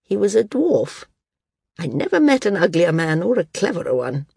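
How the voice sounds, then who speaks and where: A woman's voice: fairly low pitch, very animated, normal speed, gravelly, a little mellow, breathy edge, dry recording, studio quality, heavily acted. Woman reading as a frail, wry old woman. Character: frail old woman, former flyer and teacher, bedridden.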